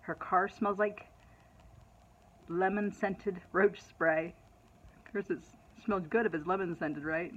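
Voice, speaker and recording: A middle-aged woman talks straight to her followers in a chatty, animated way. She tells a personal story as she would to friends. The recording is dull and lo-fi. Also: on the low side, slow pace, long pauses, husky. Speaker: vlogger. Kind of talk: casual personal storytelling to camera.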